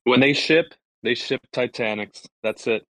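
A man's voice: mid-range voice, unhurried, sharp tone, rough recording. A man speaking briefly and matter-of-factly as a guest in a casual chat.

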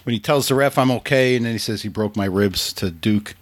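A man's voice: fairly low pitch, a little fast. A man hosting a podcast, chatting casually and laughing as he recaps a film. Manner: laughs often, animated recaps. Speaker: podcast host. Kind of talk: casual chat.

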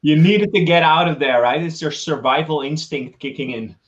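A man interviewing a guest, mostly giving brief, slow reactions. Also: on the high side, lo-fi sound. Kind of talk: casual interview chat.

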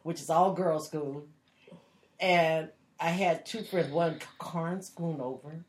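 A woman chatting casually in a group, quick to react and reflective when she tells a memory. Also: deep voice, fairly even intonation, a little hiss or hum.

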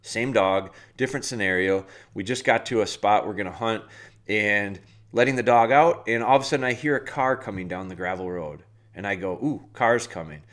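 A man's voice: fairly low pitch, brisk, a bit bright. A man hosting a dog training podcast, giving casual, plainspoken advice and talking the listener through everyday scenarios.

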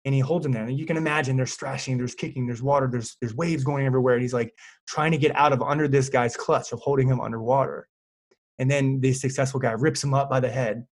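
A man's voice: medium pitch, quick pace. A man who coaches fitness clients, chatting casually on a podcast and telling stories with lots of fillers. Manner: animated storyteller, lots of fillers.

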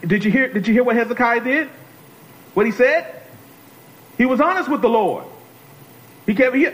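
A man's voice: very high voice, normal speed, long pauses, fairly bright tone, low-quality recording. A man preaching a sermon as a guest speaker, talking to the congregation, repeating phrases and calling on them to answer.

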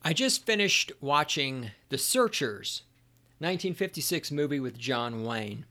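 A man's voice: mid-range voice, big pitch swings, a little slow, sharp tone. A middle-aged man hosting a solo podcast, telling stories in a sarcastic, profane rant. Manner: ranting, profane, sarcastic storytelling. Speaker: podcast host.

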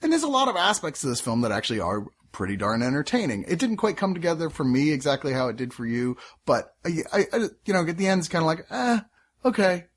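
A man's voice: fairly high pitch, sing-song, quick pace, hardly any pauses, slightly rough. A man co-hosting a casual movie review chat, joking and acting out quoted reactions. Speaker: film review podcast co-host.

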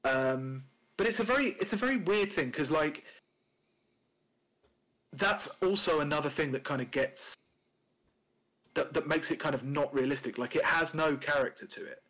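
A man's voice: on the high side, moderate pace, long pauses, a bit bright, poor audio. A man co-hosting a casual podcast chat, rambling with many fillers and restarts, and swearing now and then. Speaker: podcast co-host.

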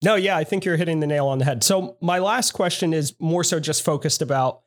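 A man's voice: fairly high pitch, a little fast. Friendly podcast host, man. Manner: friendly, encouraging questioning. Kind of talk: podcast interview.

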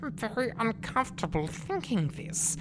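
A woman's voice: on the high side, sing-song, moderate pace. A woman playing a bumbling, insecure male adventurer wizard who stammers and blusters, with a noisy home recording behind. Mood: suspicious. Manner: stammering, blustering, swings into crying.

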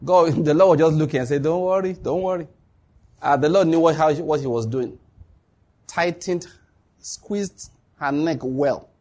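A man delivers a sermon in an animated storytelling manner, acting out dialogue and laughing often. His voice is fairly high and has a husky edge. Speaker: preacher.

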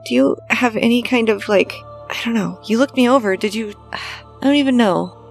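A woman's voice: on the high side, moderate pace, creaky, soft background music. A woman playing a tabletop game, talking hesitantly and trailing off. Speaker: player. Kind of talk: casual tabletop play.

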